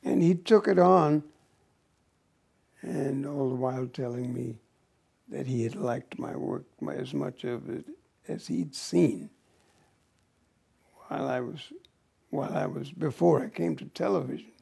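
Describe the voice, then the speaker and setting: An older American man, an actor, telling stories from his career in an interview with a slow, halting, husky delivery. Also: mid-range voice, animated, dark tone. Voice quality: gravelly, husky. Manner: slow, halting, breathy at times. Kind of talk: reflective storytelling.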